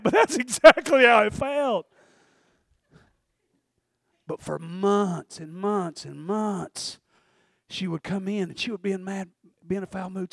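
A middle-aged man preaching a sermon and telling a personal story in a folksy way, swinging from hushed to loud. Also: high voice, gravelly, dry recording, studio quality. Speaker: pastor. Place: church sanctuary.

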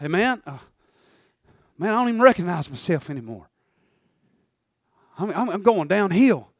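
A man preaching a sermon as pastor, swinging from soft asides to shouted calls of "Amen?". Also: sits high, sing-song, moderate pace, no echo, studio quality.

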